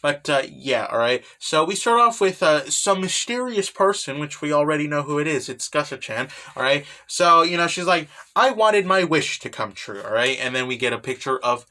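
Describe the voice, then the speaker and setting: A man's voice: fairly high pitch, animated, normal speed, few pauses, sharp tone. A young man casually recapping a manga chapter, rambling and checking in with "all right?" all the time.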